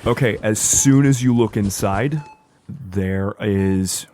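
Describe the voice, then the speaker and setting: A man acting as storyteller, narrating a tabletop horror game in slow, deliberate scene-setting. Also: lowish voice, a little mellow, slight background noise.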